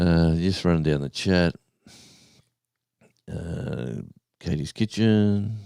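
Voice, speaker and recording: A man hosts a casual live stream, wandering through a long everyday story and stopping to greet people in the chat. His voice is extremely low and dark. The sound is dry and close, with no room echo. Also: creaky. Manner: rambling storyteller, reads chat names aloud, says mate.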